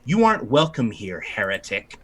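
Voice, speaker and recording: A man doing a loud, strident church guard. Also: medium pitch, fairly quick, lightly acted. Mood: scornful. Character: stern, contemptuous male church minister guard.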